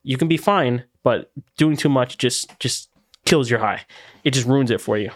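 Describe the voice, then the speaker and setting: A man's voice: medium pitch, moderate pace, no echo. A young man co-hosting a podcast, laid-back and streetwise, dropping slang like "bro". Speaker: podcast co-host. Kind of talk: casual chat.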